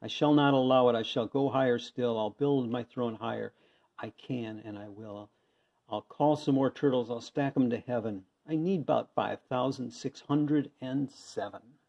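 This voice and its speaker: A man's voice: mid-range voice, moderate pace, creaky. A man voicing a pompous, boastful male turtle king who barks his orders, on a dull lo-fi recording. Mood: haughty. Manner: barking, bossy, loud. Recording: dull lo-fi sound.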